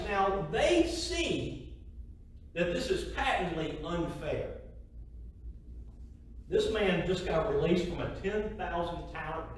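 A middle-aged man preaching a sermon, emphatic, repeating key phrases and asking the congregation rhetorical questions. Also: high voice. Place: church sanctuary. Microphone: distant mic. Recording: very echoey hall from a distance, faint hiss.

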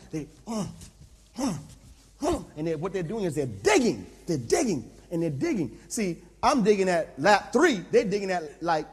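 Animated high-voiced male preacher. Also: slightly rough. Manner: animated, comic, talks straight to the crowd. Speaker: pastor. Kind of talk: humorous sermon storytelling. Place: large camp tent. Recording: long reverb in a large camp tent.

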